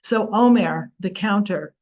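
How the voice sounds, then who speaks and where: A woman's voice: medium pitch, measured pace, a little mellow, rough recording. A woman hosting an informal weekly Torah lesson, telling stories in an earnest, conversational way with frequent fillers and restarts. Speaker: Torah teacher and host.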